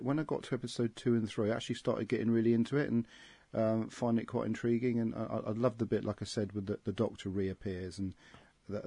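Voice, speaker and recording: A man's voice: fairly low pitch, mellow, husky, no room sound. A man from England hosting a casual panel review, rambling with many ums and restarts. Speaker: podcast host.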